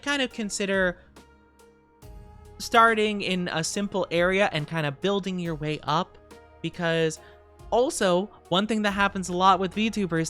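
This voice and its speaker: A woman's voice: sits low, a bit bright, smooth. A woman VTuber chatting casually on a livestream, rambling and giggly with lots of fillers. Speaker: VTuber streamer.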